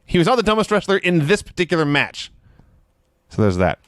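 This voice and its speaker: A man's voice: sits high, very animated, a little fast, a bit bright, clean tone, no room sound, clean studio sound. A man co-hosting a casual podcast, with wry, sarcastic remarks. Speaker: podcast co-host. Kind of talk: casual chat recapping wrestling.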